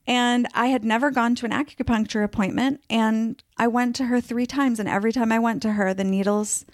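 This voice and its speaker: A woman's voice: fairly high pitch, steady tone, brisk, no echo. Woman, casual interview storytelling, lots of fillers, dry recording. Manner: chatty, many fillers, acts out quoted voices. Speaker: podcast guest telling her story.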